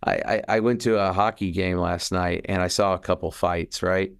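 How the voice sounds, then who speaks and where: Gravelly man musing earnestly on a podcast. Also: low-pitched, normal speed. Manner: earnest, animated, with restarts and acted-out quotes. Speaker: podcast co-host. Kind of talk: casual reflective conversation.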